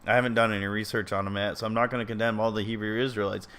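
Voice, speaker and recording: Man, casual commentary, reading an article aloud, earnest, opinionated, stumbles and self-corrects, lowish voice. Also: level tone, rapid-fire, fairly bright tone, clear, resonant tone. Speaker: video commentator.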